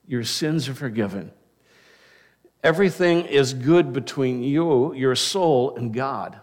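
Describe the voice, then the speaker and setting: A man's voice: medium pitch, animated, slow, darkish tone. Conversational male pastor preaching a sermon. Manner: conversational, with frequent restarts and asides.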